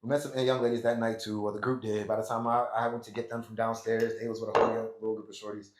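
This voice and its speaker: A man's voice: fairly low pitch, little pitch movement, very fast, heavy background noise. An American man hosting a podcast, telling a long story in a rambling, slangy way and laughing often. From United States. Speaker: podcast host. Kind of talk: casual storytelling. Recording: echoey room.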